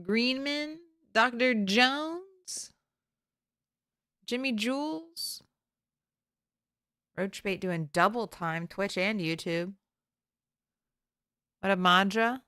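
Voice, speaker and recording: A woman streaming a game from home, talking in an unhurried, easygoing way. Her voice is bright and smooth, and the sound is close and dry. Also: mid-range voice, dry recording. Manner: chatty, greets chat viewers by name, laughs often. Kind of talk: casual stream chat.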